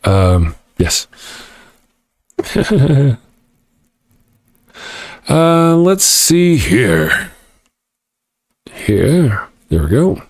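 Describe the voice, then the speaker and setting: Livestream host, male, mid pitch, dry sound; wry, rambling, sarcastic banter with chat. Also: big pitch swings, drawn-out words, long pauses, no echo. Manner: joking, sarcastic, rambling asides.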